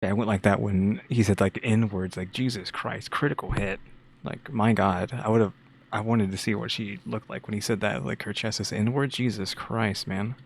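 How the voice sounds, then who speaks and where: A man co-hosting a casual chat, adding relaxed, wry commentary. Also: on the low side, normal speed, creaky, slightly rough.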